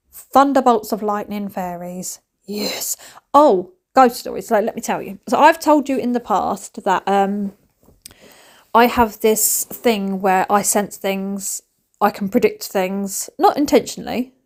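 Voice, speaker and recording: A woman's voice: mid-range voice, measured pace. A woman, chatting animatedly in a home cleaning vlog, dropping to whispers and rising to squeals. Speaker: vlogger. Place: family home.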